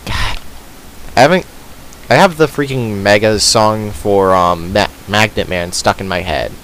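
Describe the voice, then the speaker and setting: A man's voice: lowish voice, unhurried, a bit bright, slight background noise, low-quality recording. A man hosting a let's play, giving casual gaming commentary in a sarcastic, self-deprecating mutter.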